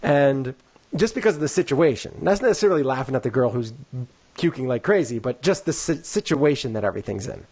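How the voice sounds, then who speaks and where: A man's voice: mid-range voice, quick pace, husky. A man co-hosting a casual podcast, telling a long story in a rambling way full of "like" and "you know," and acting out the people he quotes. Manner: acts out quoted people in lively voices. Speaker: podcast co-host.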